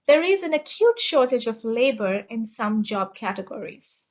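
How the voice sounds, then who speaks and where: A woman's voice: fairly high pitch, sing-song, dull audio. A woman giving a scripted vocabulary lesson, pronouncing each word with care and spelling out stress and meaning. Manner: slow, deliberate, enunciating each word. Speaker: vocabulary teacher.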